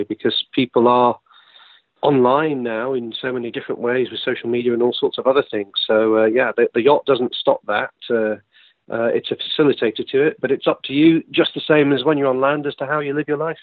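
A man's voice: mid-range voice, steady tone, fairly quick, no room sound. A British man being interviewed as a guest, talking easily in long explanatory runs over a remote line. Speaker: yacht charter guest. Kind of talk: casual interview chat. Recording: tinny dry phone line.

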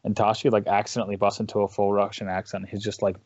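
A man's voice: fairly low pitch, little pitch movement, a little mellow, no room sound, lo-fi sound. A man chatting casually as an interview guest, rambling and restarting his sentences. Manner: rambling, halting, with many restarts. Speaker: interview guest, esports caster. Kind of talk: casual chat.

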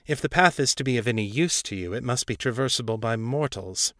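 A man voicing a cold, patronizing ancient devil prince with a low, unrelenting voice. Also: animated, a little fast, a bit bright, no echo, studio quality, natural voice. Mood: airy.

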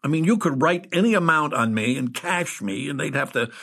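Man, comic storyteller, stoned, giggly, laughing through the lines, raspy, very animated pitch. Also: fairly quick. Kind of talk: first-person comic storytelling performance.

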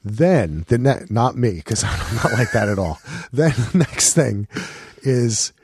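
Animated, expressive dad telling stories. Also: male voice, mid-range voice, measured pace, noisy background. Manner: animated storyteller, swears freely. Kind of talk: casual chat.

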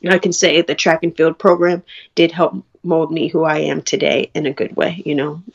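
A woman's voice: deep voice, level tone, normal speed, vocal fry, breathy edge, dull audio. A young woman from New York, a college track athlete, talking candidly in an interview and quoting people as she tells her story. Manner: candid, storytelling with quoted dialogue.

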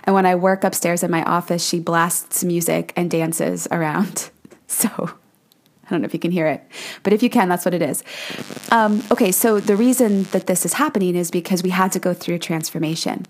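A woman's voice: fairly low pitch, normal speed. Chatty woman podcast host. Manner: chatty, coaching, often asks "right?". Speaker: podcast host, numerology forecaster. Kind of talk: casual monologue. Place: home office.

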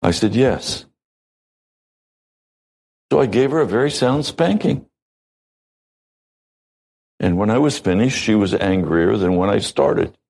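A man preaching a sermon as a pastor, measured and deliberate, with long pauses between phrases. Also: on the low side, animated, vocal fry, darkish tone, low-quality recording.

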